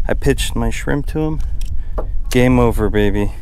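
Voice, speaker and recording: A young man narrating his fishing trip from a small boat, casual and excitable, breaking into loud exclamations whenever a fish bites. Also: medium pitch, measured pace, background noise. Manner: excitable, exclaims loudly when fish bite. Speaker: fishing vlogger. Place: small boat on the water outdoors.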